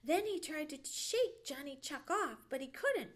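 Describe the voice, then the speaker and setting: A woman librarian reading a bedtime story aloud with expressive storytelling. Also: high voice, a little slow. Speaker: children's librarian.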